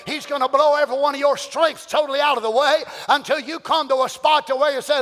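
A man preaching with a very high, bright, ringing voice. He drops to a hush, then climbs into loud emphatic shouts. His voice rings out with a long hall reverb behind it. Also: steady tone, quick pace, hardly any pauses. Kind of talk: sermon.

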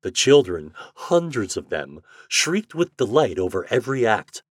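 A man narrating an old holiday story aloud in an expressive, lively manner. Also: on the low side, unhurried, dry recording, studio quality. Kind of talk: storybook reading.

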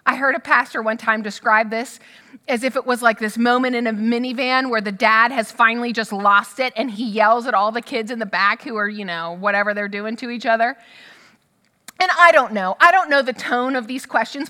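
Woman preacher, lively chatty sermon, bright high voice, hall echo. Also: normal speed. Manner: conversational, animated storytelling.

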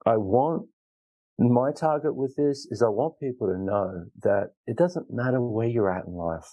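A man's voice: on the low side, mellow, poor audio. A man hosting a solo self-help podcast, talking in an earnest, rambling way with frequent restarts. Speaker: podcast host. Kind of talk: reflective solo podcast talk.

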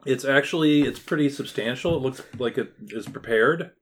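A man's voice: mid-range voice, normal speed, a little hiss or hum. Man running a tabletop game, hesitant. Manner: hesitant, filler-heavy scene description. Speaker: game master.

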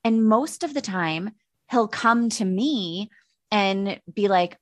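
A woman in her thirties chatting casually as a podcast guest, swearing freely and jumping up high in pitch when she quotes herself. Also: animated, takes it slowly, no room sound, clean studio sound. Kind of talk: casual chat.

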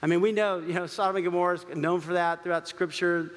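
Man preaching a sermon, high voice, conversational asides, long reverb. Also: steady tone, fast. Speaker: pastor.

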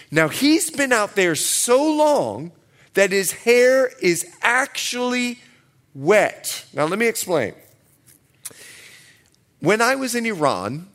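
A man who is a pastor preaching a sermon at a church service, animated and playful, acting out the scenes. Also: sits high.

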